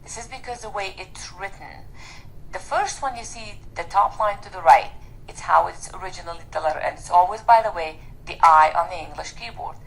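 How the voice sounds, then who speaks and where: A woman teaching Arabic pronunciation, slowly modelling each letter sound and explaining where the tongue goes. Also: fairly low pitch, creaky, a bit bright, low-quality recording. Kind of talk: pronunciation lesson.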